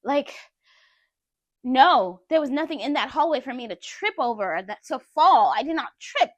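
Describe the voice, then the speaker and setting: A woman's voice: high-pitched, animated, normal speed, no echo. A woman telling a personal story to her viewers in a candid, conversational way. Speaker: vlogger.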